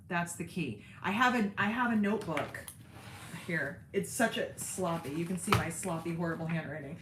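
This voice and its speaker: A woman's voice: lowish voice, normal speed, roomy sound, background noise. A woman hosting a casual livestream, chatting with her viewers by name in a self-deprecating way. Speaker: sewing channel host on a livestream.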